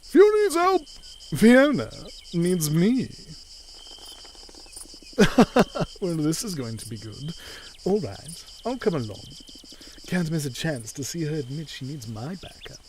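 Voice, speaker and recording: A man's voice: on the high side, big pitch swings, takes it slowly, pauses often, a little mellow, a little hiss or hum. A man voicing a smug young male witch in a game, reading the lines in a gloating, sing-song way.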